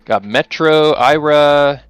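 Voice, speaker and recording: A man's voice: a little high, takes it slowly, smooth, no echo. A young man hosting a casual live stream, upbeat and laughing often as he greets viewers by name. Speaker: stream host.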